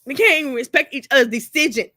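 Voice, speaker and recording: Her voice sits high, pushed and bright, and she talks fast while crying through a profane, repetitive personal rant to the camera. The vlog is recorded dry, with studio quality.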